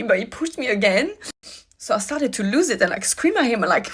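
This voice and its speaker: Animated woman telling a storytime vlog. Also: on the high side, quick pace, breathy edge. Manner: animated, retelling a street confrontation with rising indignation.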